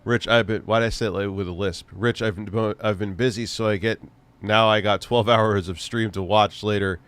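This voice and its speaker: A man's voice: fairly low pitch, steady tone, moderate pace, a bit bright, clean tone. A man hosting a livestream, rambling through casual chat with crude, profane jokes and frequent restarts. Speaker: livestream host.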